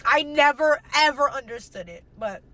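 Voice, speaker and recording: A woman's voice: high-pitched, lively intonation, normal speed, bright, forceful tone, dry recording, poor audio. A young woman telling a painful personal story to camera, emotional and close to tears, swearing and repeating herself.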